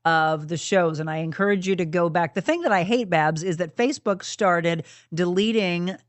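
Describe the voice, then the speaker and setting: A woman's voice: on the low side, no room sound. Upbeat woman hosting a live show. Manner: upbeat, fast-talking, lots of fillers. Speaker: talk show host. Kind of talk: live talk show hosting, reading viewer comments.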